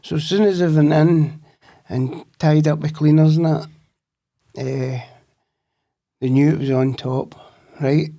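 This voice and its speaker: A Scottish man with a gravelly, rough-edged voice tells a long, meandering story. His tone sits dark and low in warmth, and he swears freely as he goes. He talks like a guest in relaxed conversation. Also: a little slow, pauses often. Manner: swears freely, rambling anecdotes. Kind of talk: casual storytelling.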